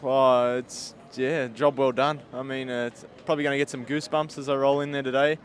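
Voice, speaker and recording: A cyclist answers in a relaxed, easygoing way, dropping slang and laughing readily. His voice sits at an ordinary middle pitch. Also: a little fast, slight background noise. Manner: laid-back, slangy, laughs easily. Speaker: pro cyclist. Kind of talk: casual interview answers. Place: outdoors at a bike race.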